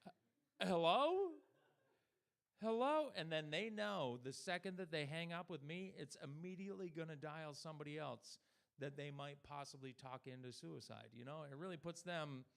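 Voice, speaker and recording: A young man performing a stand-up comedy set, talking deadpan to the crowd and slipping into mock voices for the people he quotes. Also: on the high side, normal speed, vocal fry.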